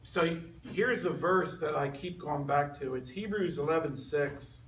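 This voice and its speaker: A man's voice: fairly high pitch, a little slow, a bit bright, a little hiss or hum. A man giving an earnest personal testimony to a men's group, telling his story in a conversational way. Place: meeting room with a group listening. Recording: echoey room recorded from far off.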